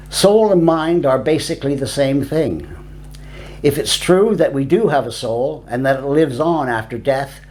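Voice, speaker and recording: A man's voice: medium pitch, darkish tone. Man narrating a darkly wry essay. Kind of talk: scripted narration of a reflective essay.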